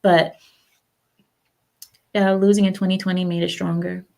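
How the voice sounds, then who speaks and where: A woman's voice: on the low side, level tone, moderate pace, creaky, warm tone. A woman hosting a livestream, chatting casually and rambling through her opinions while talking back to her viewers. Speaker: livestream host. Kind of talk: casual political chat with viewers.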